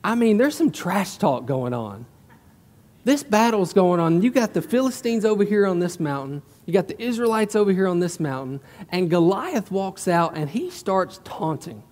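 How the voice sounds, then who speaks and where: High-voiced pastor preaching in a hall. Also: male voice, big pitch swings, normal speed, a little mellow. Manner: conversational storytelling, emphatic asides. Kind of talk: sermon. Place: church sanctuary.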